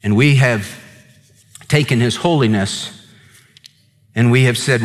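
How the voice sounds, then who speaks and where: A man pastor delivering a sermon in an earnest preaching manner, slowing and dropping low to stress key words. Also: in a large hall.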